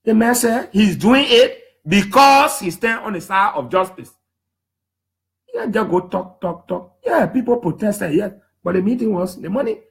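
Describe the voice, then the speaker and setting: A Liberian man in his thirties with a high, bright-pitched voice tells his stories with lively emphasis. His pitch swings up and down as he acts out what others said, and his Liberian English accent is strong throughout. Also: unhurried, creaky. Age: 30s. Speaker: human rights defender speaking to the public. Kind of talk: animated storytelling talk.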